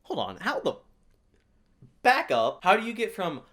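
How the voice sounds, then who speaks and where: A man hosting a reaction video, giving casual comedic commentary with excitable, sarcastic asides. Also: high voice, a little slow, pauses often.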